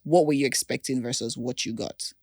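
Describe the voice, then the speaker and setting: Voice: medium pitch, fairly even intonation, a little fast, darkish tone, dry recording, clean studio sound. A chatty host from Nigeria who teases the guest and keeps prompting her in a casual interview. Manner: chatty, teasing, lots of backchannel. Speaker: podcast host.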